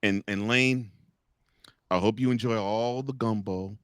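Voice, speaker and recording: Hosting a college football segment, this man has a smooth, lowish voice and a measured pace, captured in a dry recording. He jokes around with plenty of animation and addresses the coaches and officials he covers as if they were in the room.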